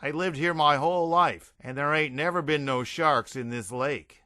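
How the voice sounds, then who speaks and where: A man's voice: fairly high pitch, normal speed, sharp tone, dry recording, studio quality. A man voicing a blunt, folksy rural local man. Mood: exasperated.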